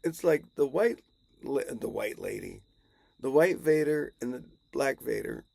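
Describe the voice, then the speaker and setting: Slow, gravelly rambling male storyteller. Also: medium pitch, expressive, darkish tone. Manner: rambling, chuckling, self-correcting. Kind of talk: casual improvised storytelling.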